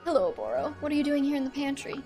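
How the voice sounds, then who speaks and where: A woman reading a calm, courteous male ninja. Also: high voice, racing, soft background music.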